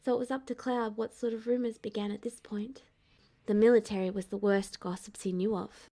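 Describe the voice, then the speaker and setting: A woman narrating a fan-fiction audiobook in a calm, even storytelling manner. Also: medium pitch, a little fast.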